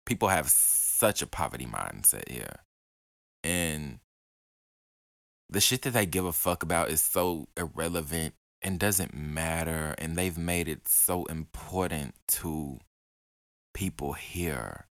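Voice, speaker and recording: Profane ranting man, slow and lively. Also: a bass voice, vocal fry, dry recording. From Alabama. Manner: profane, heated, mocking insults. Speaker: podcast host. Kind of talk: casual ranting monologue.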